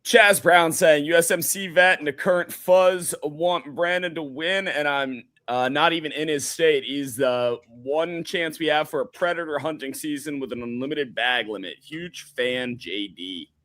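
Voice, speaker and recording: A man co-hosting a stream, reading viewer messages aloud in a flat way. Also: on the high side, unhurried, few pauses, no room sound.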